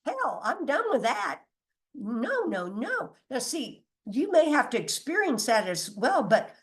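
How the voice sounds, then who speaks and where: A woman's voice: on the high side, very animated, a little slow. A woman giving an informal spiritual teaching, chatty and emphatic, often laughing and mildly cursing, sometimes losing her place or reading from notes. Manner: loses her place and restarts, reads from notes.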